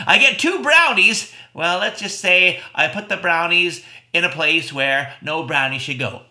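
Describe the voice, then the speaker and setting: A playful man hosts a comic storytelling show, his bright, high voice leaping all over. It rings in an echoey room with faint music underneath. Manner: animated, playful, with laughs. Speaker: storyteller host.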